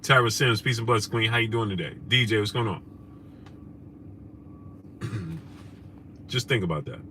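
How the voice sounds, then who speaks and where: A man hosting a casual live stream, shouting out viewers by name in loose slangy talk. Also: lowish voice, unhurried, slight background noise. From New York. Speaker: host. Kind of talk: casual live-stream chat, reading super chats.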